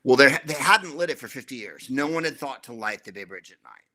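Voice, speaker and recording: A middle-aged American man spins long, rambling stories as an interview guest and drops in dry jokes as he goes. His voice has a bright, forward tone at an ordinary middle pitch. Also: expressive, brisk. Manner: rambling, wry, jokey storytelling. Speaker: guest comedian. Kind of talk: casual anecdotal interview.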